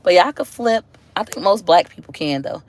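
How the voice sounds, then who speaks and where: A lively woman from Tampa, Florida, with an African American English accent, hosts a livestream and talks casually, a little fast, to her viewers. She chats in a loose, animated way and often slips into high, mocking voices when quoting other people.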